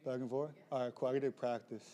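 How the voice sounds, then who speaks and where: A young man giving a lively lightning talk, joking with the audience and pushing them into call-and-response. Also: medium pitch, fast talker, muffled recording. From southeast side of Chicago. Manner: playful, rallying crowd call-and-response. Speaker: community organizer speaker. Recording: reverberant hall, live talk.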